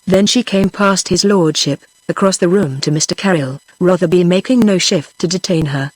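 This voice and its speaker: A text-to-speech voice of a woman with a British English accent, narrating a historical novel in an even, steady way. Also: on the low side, normal speed, no room sound, rough recording. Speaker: audiobook narrator. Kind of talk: synthetic audiobook narration.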